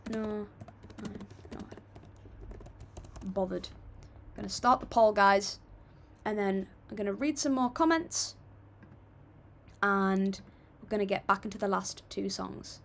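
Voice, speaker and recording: Young British woman, livestream host, casual chat, reads comments aloud, friendly replies, mid-pitched voice. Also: unhurried, creaky, pauses often, a bit bright. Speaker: livestream host reacting to music.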